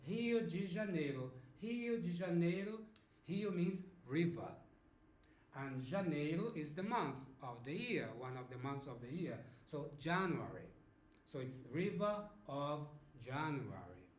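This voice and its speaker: A man with a Brazilian Portuguese accent, a native Portuguese speaker, teaching a slow beginner language lesson and checking in often with his students. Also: on the high side, lively intonation. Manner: drawls example phrases, checks in with "eh?" and "alright?". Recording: echoey room.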